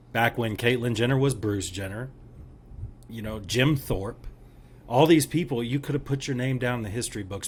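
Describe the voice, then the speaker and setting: A middle-aged man co-hosting a podcast, speaking earnestly and emphatically in a reflective way. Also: mid-range voice. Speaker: podcast co-host. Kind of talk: casual opinionated chat.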